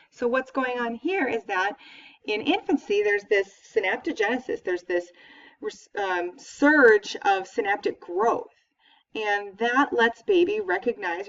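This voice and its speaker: A woman's voice: a little high, creaky. Female professor, conversational lecture, picked up from afar on a muffled recording. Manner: explanatory, conversational, with fillers. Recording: dull, distant lecture recording.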